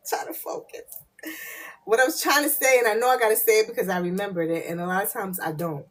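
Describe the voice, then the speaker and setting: A woman hosting a casual live spiritual reading, chatty and loose, laughing and swearing freely, and often slipping into muttered asides to her viewers. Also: mid-range voice.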